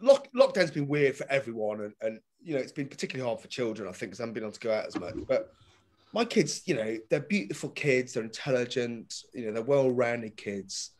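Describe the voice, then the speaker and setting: A man doing a stand-up comedy routine, swinging between loud punchlines and muttered asides. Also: mid-range voice, lively intonation, fairly quick. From Britain. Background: audience laughter.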